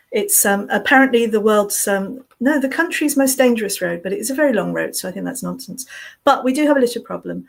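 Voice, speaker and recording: Hoarse-voiced woman. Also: fairly high pitch. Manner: chatty, self-mocking, animated. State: losing her voice. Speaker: guest designer. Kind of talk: online panel talk.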